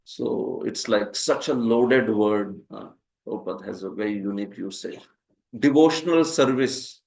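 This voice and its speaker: A man with an Indian accent, a Hindi speaker, teaching a scripture class, often asking his students "huh?" and laughing at his own jokes. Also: mid-range voice. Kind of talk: classroom lecture with questions.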